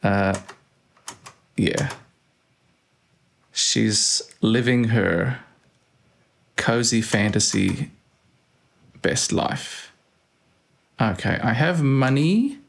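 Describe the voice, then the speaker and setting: A man's voice: medium pitch, animated, very slow, vocal fry, pauses often. A man hosting a let's play, thinking aloud and reading out game commands with dry asides. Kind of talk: casual gameplay commentary.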